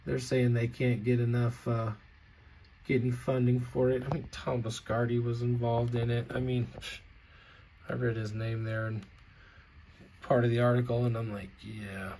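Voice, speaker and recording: A man's voice: medium pitch, monotone, normal speed, long pauses, mellow, a little hiss or hum. A man ranting in a vlog, angry and sarcastic, swearing heavily. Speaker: vlogger.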